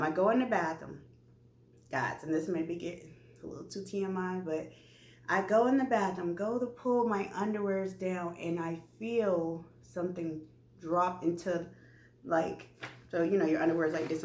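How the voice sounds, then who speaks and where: A woman's voice: lowish voice, moderate pace. Chatty woman vlogger in an echoey room. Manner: animated, chatty, addresses viewers directly. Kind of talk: candid personal storytelling.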